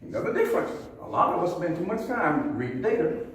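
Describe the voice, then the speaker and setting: A man's voice: on the high side, very animated, fast talker. An older man from the American South telling stories and giving homespun sayings as a police chief speaking to an audience. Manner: storytelling, homespun sayings, asks the audience questions. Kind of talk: folksy public talk to an audience. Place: museum hall with an audience. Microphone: recorded from across the room. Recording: echoey hall, distant mic, faint room noise.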